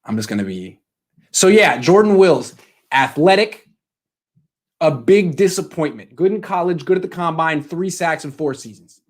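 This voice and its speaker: A man giving casual sports commentary with a sarcastic, ranting manner and quick asides. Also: on the high side.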